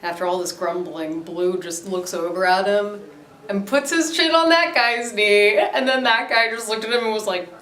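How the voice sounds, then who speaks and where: A young adult woman from Maryland chats casually as an interviewee in a documentary, talking about being a dog owner. Her mid-range voice is a bit bright and moves at a moderate pace, full of fillers and easy laughter. The room she's recorded in is echoey.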